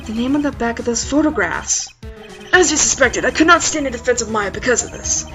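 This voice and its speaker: A woman's voice: fairly high pitch, brisk, sharp tone, faint music behind. A woman voicing an older male lawyer with a put-on Southern US accent, fatherly, fussy and old-fashioned in speech. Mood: troubled.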